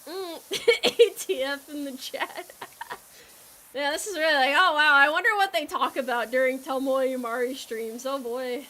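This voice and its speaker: A woman's voice: high-pitched, fairly even intonation, normal speed, pushed and bright. A young woman streamer chatting casually with her viewers while she plays, rambling and joking and laughing often.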